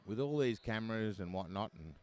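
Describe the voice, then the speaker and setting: A man's voice: lowish voice, expressive, fairly quick, a little mellow. A man giving live roller derby commentary, chatty and full of joking asides.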